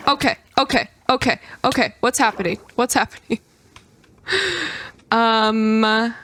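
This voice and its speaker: Brief: young woman, high voice, unhurried gameplay commentary that bursts into squeals. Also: no room sound. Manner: excitable, with squealing outbursts. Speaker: gaming creator.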